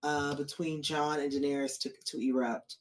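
A woman in casual chat about a TV show, expressive and profane, acting out quotes. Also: sits low, normal speed.

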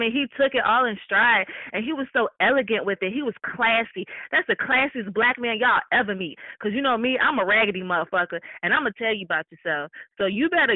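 A woman co-hosting in casual, profane chat, brash and quick to cackle. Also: medium pitch, dry recording. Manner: brash, cackling, loud laughter. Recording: tinny phone-like audio.

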